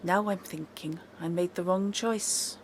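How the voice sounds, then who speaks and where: A woman voicing a quiet, wary captive elf. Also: fairly low pitch, steady tone, measured pace, slight background noise, natural voice. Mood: grave, wary.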